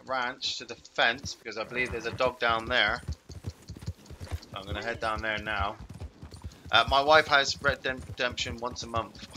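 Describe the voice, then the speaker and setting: A man streams a video game with casual commentary, rambling, cursing and interrupting his own sentences. His voice is medium-pitched, and there's background noise.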